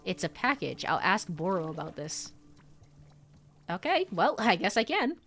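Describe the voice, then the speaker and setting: A woman's voice: fairly low pitch, sing-song, measured pace, fairly bright tone, soft background music. A young woman streaming a video game, chatting casually, bubbly and giggly, gushing over cute things. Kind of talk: casual let's-play commentary.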